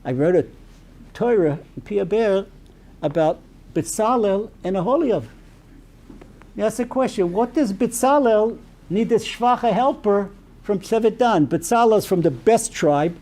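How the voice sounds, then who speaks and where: A man as a rabbi giving a storytelling sermon, animated and peppered with Yiddish and Hebrew terms. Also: sits high, unhurried.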